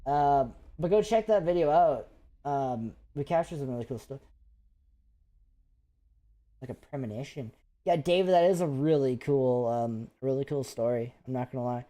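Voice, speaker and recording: Rambling man, mellow voice. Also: medium pitch, normal speed. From Canada. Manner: rambling, excitable storytelling with many fillers. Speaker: paranormal investigator, channel host. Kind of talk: casual live chat.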